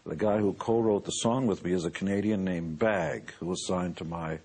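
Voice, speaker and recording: A man's voice: sits low, moderate pace, darkish tone, husky. A man in his sixties, a musician turned businessman, giving a boastful, joking motivational talk. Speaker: musician and entrepreneur.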